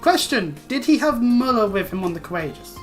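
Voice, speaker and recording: A woman's voice: medium pitch, big pitch swings, fairly quick, faint music behind. A woman streaming a video game, chatting casually, joking and swearing freely as she plays.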